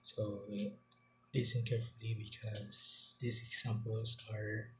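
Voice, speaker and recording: A male teacher giving a classroom lecture, halting and repeating words as he quizzes his students. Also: fairly low pitch, level tone, slight background noise.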